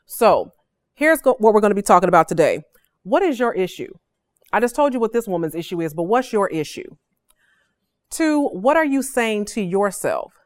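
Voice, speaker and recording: A woman's voice: mid-range voice, very animated, normal speed, no room sound. A woman in her forties hosting a podcast, teaching a devotional in a casual, emphatic way and often checking in with "okay?".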